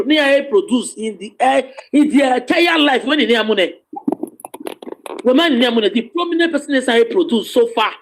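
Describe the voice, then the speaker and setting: Nigerian man, strikingly high voice, playful teaser who laughs a lot and shouts out now and then. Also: expressive, moderate pace. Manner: teasing, laughing often, loud bursts. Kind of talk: joking casual banter.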